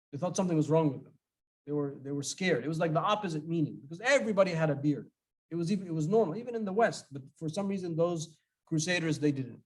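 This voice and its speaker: A middle-aged man with a somewhat high voice, giving a relaxed question-and-answer talk as a religious scholar. He talks in a loose, conversational way and tells personal stories. He often stops and restarts his sentences. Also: rough recording. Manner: conversational, storytelling, with many restarts. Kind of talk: informal Q&A talk.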